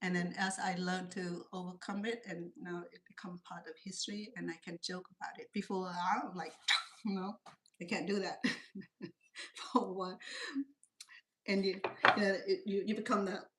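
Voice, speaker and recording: A woman's voice: on the low side, moderate pace. Chatty middle-aged Cambodian-accented woman. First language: Khmer. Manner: rambling, animated storytelling in broken English. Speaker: home cooking channel host. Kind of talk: casual chatty cooking talk.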